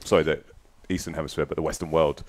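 A man's voice: very deep voice, flat delivery, fast, darkish tone. A man talking as a guest on a casual podcast recorded in a front room, telling long anecdotes in a chatty way. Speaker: guest musician.

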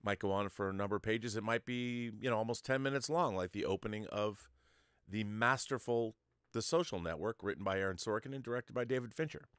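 A man's voice: lowish voice, a little fast, fairly bright tone, smooth, no room sound, clean studio sound. A man hosting an online show, explaining film-making to his viewers in a lecturing, conversational way. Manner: talks straight to the viewer, lecturing with examples. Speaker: host.

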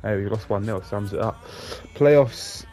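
Excitable sweary gamer man. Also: fairly low pitch, unhurried, faint music behind. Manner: excitable, sweary, swings from shouting to flat grumbling. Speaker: gaming YouTuber. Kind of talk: live gameplay commentary.

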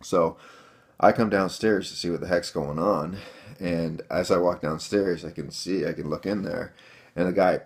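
A man's voice: low-pitched, fairly even intonation, moderate pace. A man telling a personal story to his viewers in a rambling, casual way, full of fillers. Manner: rambling, many fillers, addresses viewers as guys. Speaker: vlogger telling a home defense story.

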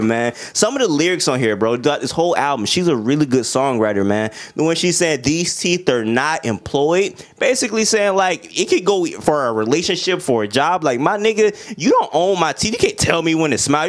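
A young man talks through an album in a loose, casual review, his voice sitting a little higher than most men's. He piles on slang, gets worked up and fired up, and breaks into snatches of the lyrics as he goes. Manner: animated slang-heavy talk, sings along with lyrics. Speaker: music reviewer.

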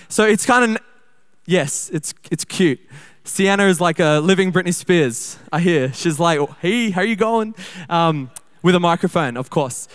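A young man preaching at a church service in a fairly high, smooth and clear voice. He talks to the congregation in a relaxed, chatty way, speeding through asides and slowing down when he reads scripture aloud. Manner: conversational, quick bursts, slows to read scripture. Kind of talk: sermon.

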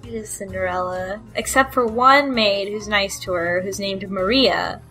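A woman's voice: mid-range voice, steady tone, a little slow, bright, forceful tone, faint music behind. A woman chatting casually as a book club panelist, hesitant and giggly, full of fillers. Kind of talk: casual podcast chat.

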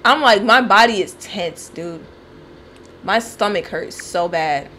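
Jumpy woman streamer, lively pitch. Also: slow, a little hiss or hum. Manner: jumpy, swears and yelps in fright. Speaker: gaming streamer. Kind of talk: casual gameplay commentary.

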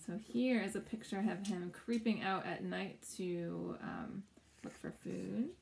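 A woman reading a children's picture book aloud at home, gently pausing to talk about the pictures and ask questions. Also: mid-range voice, steady tone, creaky, slight background noise. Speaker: storybook reader for children.

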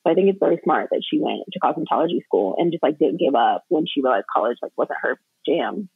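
A young woman chatting as a podcast guest, talking freely with lots of fillers and quick laughs. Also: low voice, expressive, vocal fry, breathy edge, no room sound. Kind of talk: casual chat. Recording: tinny phone-like line.

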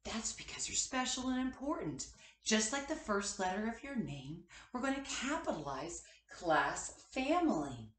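A woman teaching a kindergarten class its morning meeting, slow and encouraging as she speaks to small children. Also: mid-range voice, very animated, a bit bright, echoey room.

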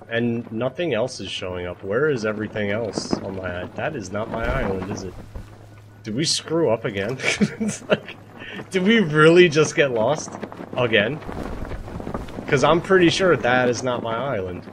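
Lively young man streaming a survival game. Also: medium pitch, measured pace, noisy background. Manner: animated, self-mocking, swears and laughs freely, talks to chat. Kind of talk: live-streamed gameplay commentary.

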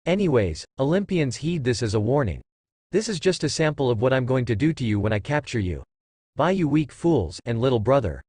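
A man's voice: medium pitch, very animated, brisk, a little mellow, slightly rough, no room sound, studio quality. A man voicing a taunting abyss god villain. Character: evil primordial abyss god, mocking villain.

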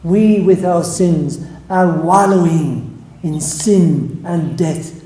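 Slow, mellow-voiced priest preaching. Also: male voice, fairly high pitch, roomy sound, rough recording. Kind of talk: sermon.

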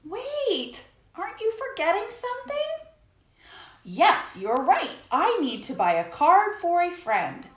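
Slow, sing-song storytime woman. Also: very high-pitched. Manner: animated, sing-song, talks to kids directly. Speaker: children's music teacher and host. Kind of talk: storytime read-aloud for kids. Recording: echoey room, faint hiss.

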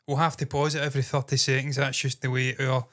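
A man's voice: medium pitch, little pitch movement, quick pace, a bit bright. A man from the United Kingdom co-hosting a video reaction chat, sweary and sarcastic, prone to ranting asides. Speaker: co-host of a reaction channel.

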